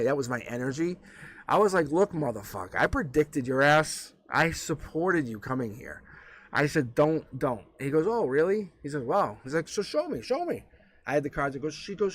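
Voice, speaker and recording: A man's voice: medium pitch, a little hiss or hum. A man giving a live-stream tarot reading, talking bluntly and with plenty of profanity as he tells stories to the viewer. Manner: blunt, profane, animated storytelling. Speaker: tarot reader.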